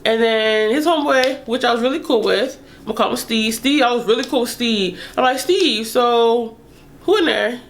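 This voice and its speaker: A young woman vlogger telling a casual story in an animated, profane way, laughing as she goes. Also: fairly high pitch, fairly quick, hardly any pauses.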